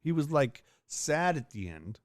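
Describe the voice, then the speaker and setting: A man co-hosting a casual chat, retelling a cartoon episode in a lively storytelling way with quick asides. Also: a little high, no echo, studio quality. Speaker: co-host recapping a cartoon episode.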